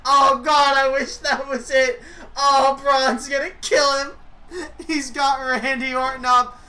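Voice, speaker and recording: A woman giving excitable play-by-play commentary on a wrestling video game she is playing. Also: high voice, slow, low-quality recording. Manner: excitable, reacting aloud. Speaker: gaming YouTuber.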